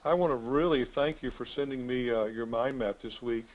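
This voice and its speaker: A man's voice: mid-range voice, moderate pace, slight background noise. A man hosts an online real estate coaching call, talking in a folksy, rambling, chatty way. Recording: tinny phone-like web call audio.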